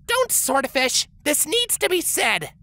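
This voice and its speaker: A man's voice: very high-pitched, very animated, takes it slowly, bright, forceful tone, pitched above the performer's own voice, full character voice. A man voicing a defiant young female dragon hatchling who snaps indignantly. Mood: angry. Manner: indignant, snapping. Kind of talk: audiobook character voice.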